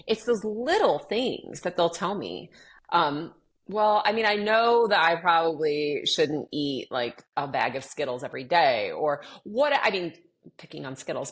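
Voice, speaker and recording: A middle-aged woman talking casually in an interview, animatedly acting out conversations with clients and often restarting her sentences. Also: fairly low pitch. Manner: animated, acts out quoted dialogue with clients. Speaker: guest sharing her experience with anxiety.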